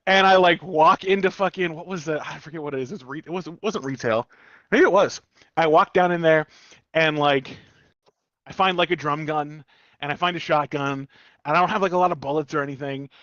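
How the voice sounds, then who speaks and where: Streamer guy, higher voice, swears a lot, dull dry lo-fi mic. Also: brisk, no room sound. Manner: swearing animated storyteller. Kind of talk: casual gaming chat.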